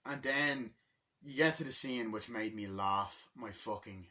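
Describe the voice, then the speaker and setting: A man's voice: on the low side, a little slow, pushed and bright. A man casually retelling a movie's opening scene by scene in a rambling, profane vlog review.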